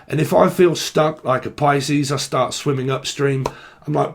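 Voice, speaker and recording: A man's voice: a little high, fairly even intonation, measured pace, gravelly, a little hiss or hum. A young man with a London-area English accent, giving a rambling, swear-filled casual tarot reading. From Britain. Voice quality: swears a lot, slangy and rambling. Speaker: tarot reader. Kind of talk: casual tarot channelling monologue.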